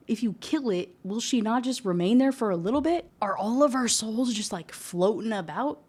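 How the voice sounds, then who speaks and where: A woman's voice: medium pitch, lively intonation, a little mellow. Sarcastic young woman reviewing a book. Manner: sarcastic, incredulous, quick to laugh. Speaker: book reviewer reading aloud. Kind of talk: casual ranting book review with read-aloud passages.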